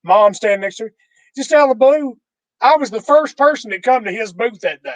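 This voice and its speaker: A man's voice: very high voice, animated, a little fast, dry recording, muffled recording. A man hosting a podcast in casual chat, telling a self-deprecating story with small chuckles. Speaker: podcast host.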